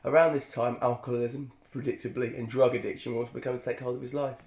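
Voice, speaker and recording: A man's voice: medium pitch, level tone, rapid-fire, darkish tone, reverberant. Jokey man reading aloud. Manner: jokey, digressive, laughs often. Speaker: podcast co-host. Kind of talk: casual chat reading aloud.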